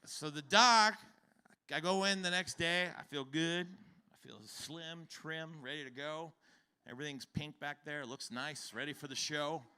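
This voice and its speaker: A man in his fifties doing stand-up, with a very bright, forceful tone and a slightly higher-than-average pitch. He tells the story in an animated way, acting out characters and breaking into loud shouted bursts. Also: a little slow, clear, resonant tone. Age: 50s. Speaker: stand-up comedian. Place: comedy stage before a live audience.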